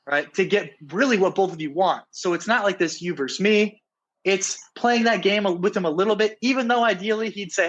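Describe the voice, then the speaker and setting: A man with a high-sitting, fairly bright voice talks fairly quickly, and the recording has its highs cut off. He's a dating coach appearing as an interview guest in a casual chat, speaking earnestly, restarting often and checking in with "right?".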